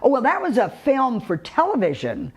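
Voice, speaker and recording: With a high, slightly rough voice that swings widely in pitch, an older Texan woman speaks at a moderate pace. Her folksy, leisurely stories of an acting career, told before a live audience, are full of chuckles and rambling fillers.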